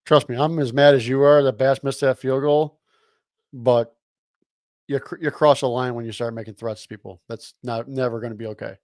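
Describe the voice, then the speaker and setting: A man's voice: mid-range voice, steady tone, normal speed, darkish tone, no echo, clean studio sound. A man co-hosting a live sports show, ranting bluntly and profanely as a heated fan. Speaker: co-host.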